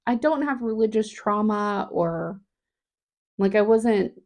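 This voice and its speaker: Brief: woman, 30s, vlogger with a heavy vocal fry, candid and halting, unhurried delivery. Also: medium pitch, darkish tone. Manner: halting, reflective, with frequent restarts. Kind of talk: candid personal vlog.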